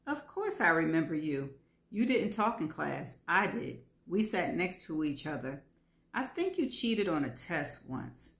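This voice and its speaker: A woman's voice: low voice, big pitch swings, unhurried, creaky, heavily acted. Earnest middle-aged man, read by a woman. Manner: earnest, gentle. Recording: roomy echo.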